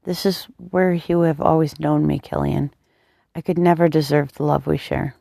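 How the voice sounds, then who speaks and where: A woman's voice: sits low, fairly even intonation, normal speed, gravelly, no room sound, studio quality, heavily acted. A woman reading a tough, restless young ex-soldier. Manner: quiet, murmuring, blunt.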